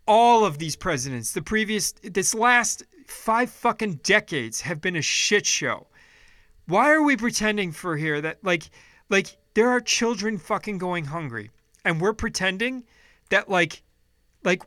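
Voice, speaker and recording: A man's voice: high-pitched, sharp tone, dry recording, clean studio sound. A man delivering a heated, profane political rant, upset and frustrated, often restarting his sentences. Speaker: vlogger.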